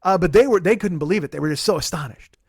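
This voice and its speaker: A comedian in his forties hosts his podcast with a sarcastic, profane storytelling manner. His voice sits high and his words tumble out fast, close on a dry mic with no room sound. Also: darkish tone, breathy edge, dry recording. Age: 40s. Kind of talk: comic storytelling monologue.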